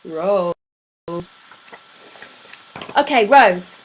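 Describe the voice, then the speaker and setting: A woman's voice: mid-range voice, expressive, extremely slow, slight background noise, rough recording. A woman hosting a live stream at home, chatting to viewers by name and reading poems aloud with playful emphasis. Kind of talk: casual chat and poetry reading.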